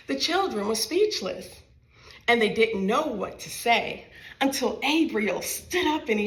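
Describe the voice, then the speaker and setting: A woman's voice: on the high side, lively intonation, a little slow, roomy sound. A woman reading her own picture book aloud to small children in a library, playful and sing-song, talking straight to her young listeners.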